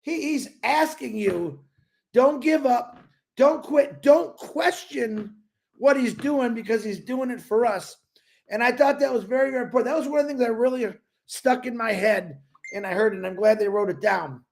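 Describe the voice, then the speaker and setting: A man co-hosting a casual livestream over a video call, rambling and stumbling over his words. His voice is high with a gravelly, creaky texture. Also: moderate pace, darkish tone. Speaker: livestream co-host.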